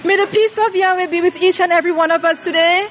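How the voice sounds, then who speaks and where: A woman's voice: very high-pitched, steady tone, fast talker, fairly bright tone, slight background noise. A woman preaching a sermon to a congregation, calling out questions for them to answer. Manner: call-and-response, asks the congregation questions. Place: worship hall. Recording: reverberant worship hall.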